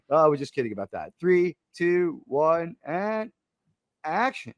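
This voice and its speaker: An American man hosting a casual online panel, joking around with quick asides and loud bursts. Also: on the high side, big pitch swings, no echo, highs cut off. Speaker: panel host.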